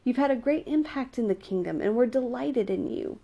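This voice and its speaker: A woman's voice: a little high, expressive, normal speed, vocal fry, pitched above the performer's own voice. Woman voicing a stern, commanding king. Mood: forgiving. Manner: sharp, commanding. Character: stern but forgiving male king.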